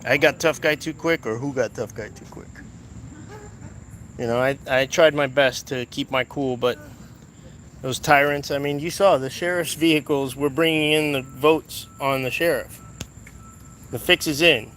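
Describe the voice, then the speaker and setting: A man's voice: on the high side, steady tone, moderate pace, a bit bright, slight background noise. A man livestreaming from a street protest outdoors, heated and confrontational as he talks to his viewers on a handheld phone. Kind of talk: live street protest stream.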